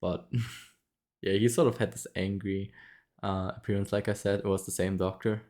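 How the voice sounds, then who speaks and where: Low-voiced man telling a story casually. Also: little pitch movement, normal speed, darkish tone. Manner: rambling, many fillers and restarts, frequent laughs. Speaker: vlogger.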